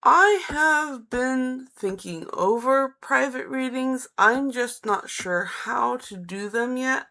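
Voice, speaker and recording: A woman reads tarot on a live stream, slowly reading aloud viewers' chat messages and answering each in a friendly way. Her voice is medium-pitched with a sharp tone.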